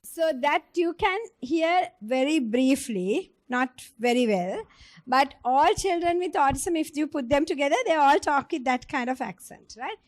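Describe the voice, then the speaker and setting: A woman's voice: high-pitched, lively intonation, a little slow. A woman giving a clinical teaching lecture, explaining step by step and putting questions to her audience.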